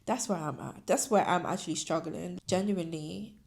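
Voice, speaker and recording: A woman's voice: on the low side, normal speed, gravelly, a little mellow. A young woman hosting a casual solo podcast, talking candidly and rambling, with many filler words. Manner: candid, rambling, says "like" often. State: tearful, crying at times. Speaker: podcast host.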